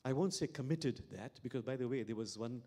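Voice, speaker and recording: A man's voice: mid-range voice, brisk, mellow. A man, an imam, giving a reflective sermon with stories and repeated key phrases. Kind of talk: sermon with storytelling.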